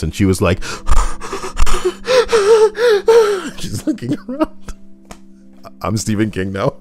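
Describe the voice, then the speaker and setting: A young man doing casual, profane commentary that rambles and swings between loud rants and low mutters. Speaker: YouTube commentator.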